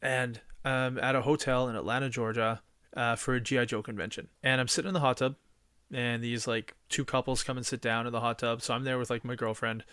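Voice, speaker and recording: A podcast host, a man from British Columbia, talks in a relaxed, chatty way. He tells stories eagerly and swears freely, in a mid-range voice. The sound is close and dry. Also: mid-range voice, fairly quick, clean tone, no echo. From British Columbia, Canada. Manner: eager storyteller, swears casually. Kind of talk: casual chat.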